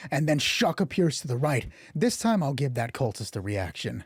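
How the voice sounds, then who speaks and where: A man narrating and rolling dice for a solo tabletop game stream, excitable and swearing freely, his voice getting hoarse. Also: medium pitch, moderate pace, few pauses, no room sound, clean studio sound. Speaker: game master.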